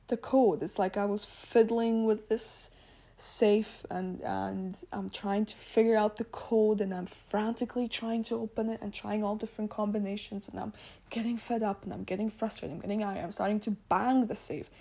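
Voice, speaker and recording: Gravelly, husky woman podcaster. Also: medium pitch, steady tone, moderate pace, warm tone. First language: not English. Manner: chatty, rambling, laughs often, self-corrects. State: tired. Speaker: podcast host. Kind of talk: casual spiritual podcast monologue.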